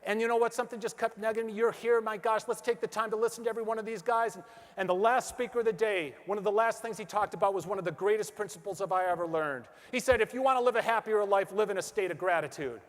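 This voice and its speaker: A man's voice: high voice, fast talker. A middle-aged man giving a motivational stage speech, telling stories energetically and asking the audience questions. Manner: energetic storytelling, acts out quotes, asks the crowd questions. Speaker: motivational speaker. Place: large hall with an audience. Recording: hall reverb from a stage.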